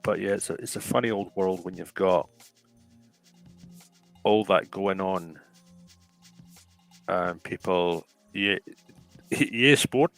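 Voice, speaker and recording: A man's voice: low voice, steady tone, slow, vocal fry, pauses often, soft background music, low-quality recording. A man hosting a casual talk show, rambling with restarts and calling his listeners folks. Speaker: podcast host. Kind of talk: casual chat.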